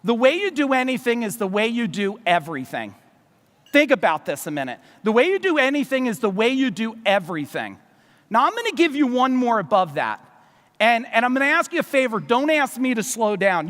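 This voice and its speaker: A man from New Jersey giving a loud, fast, profane motivational business seminar to a live audience in a large hall. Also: extremely high pitch. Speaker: business speaker. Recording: long reverb of a large hall.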